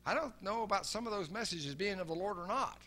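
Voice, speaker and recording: An older preacher with a fairly high voice for a man delivers a sermon at a quick pace, expressive and earnest. He circles back over his own words, and his voice drops to a quiet murmur whenever he quotes others.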